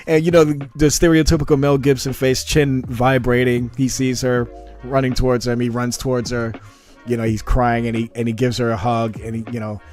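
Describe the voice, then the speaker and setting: A man's voice: medium pitch, level tone, a little fast, a little mellow, faint music behind. A man hosting a casual podcast, rambling with many repeated words and laughing often. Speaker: podcast host. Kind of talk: casual chat.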